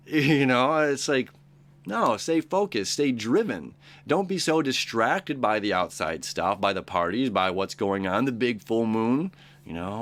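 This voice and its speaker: A man's voice: mid-range voice, lively intonation, moderate pace. A man hosting a daily astrology show, talking casually and rambling, acting out quoted friends along the way. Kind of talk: casual daily horoscope talk.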